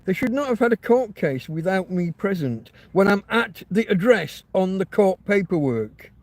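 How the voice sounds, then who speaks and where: A man's voice: sits high, expressive, normal speed, darkish tone. A man hosting a rambling livestream chat, ranting and swearing freely. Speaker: livestream host.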